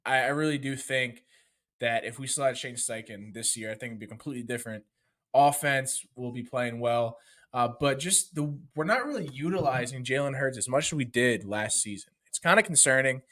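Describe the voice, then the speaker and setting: A man co-hosting a sports podcast, talking in a hesitant, halting way with many fillers. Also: mid-range voice, a bit bright. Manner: hesitant, lots of ums. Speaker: podcast co-host. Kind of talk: casual sports talk.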